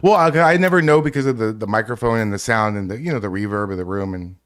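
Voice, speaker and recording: A man's voice: lowish voice, fast, fairly bright tone. A man co-hosting a live stream, joking around, laughing often and stammering over restarts. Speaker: streamer co-host. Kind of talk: casual live-stream banter.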